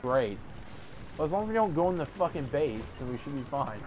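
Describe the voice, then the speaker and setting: A man streaming gameplay, swearing and yelling in frustration at enemies. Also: fairly high pitch, very animated, fairly quick, a little hiss or hum. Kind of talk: live gameplay commentary. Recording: game music behind voice. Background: game music.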